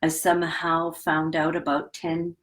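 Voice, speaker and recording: A woman's voice: sits low, monotone, unhurried, a bit bright, poor audio. A middle-aged woman, a conductor, telling a reflective anecdote in a casual interview. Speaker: guest, orchestra conductor.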